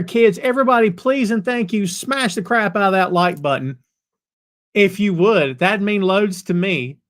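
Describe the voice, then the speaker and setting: With a slightly high, fairly bright voice, a man from North Carolina hosts a wrestling podcast and casually chats with his live audience. He reads their comments and welcomes each viewer by name.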